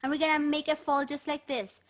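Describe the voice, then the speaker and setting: A high, brisk female voice belongs to a children's entertainer fronting a bilingual show. She talks to a puppet cat and the little ones in the audience with playful animation.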